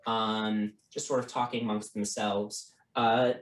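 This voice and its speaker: A game master narrating a tabletop game in a halting way, with many fillers and restarts. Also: mid-range voice, fairly bright tone. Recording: roomy, from a distant mic.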